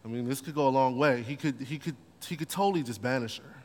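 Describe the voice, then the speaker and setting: A man's voice: medium pitch, fast talker. A man preaching a sermon, telling the story playfully and animatedly with slang. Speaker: pastor. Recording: long hall reverb.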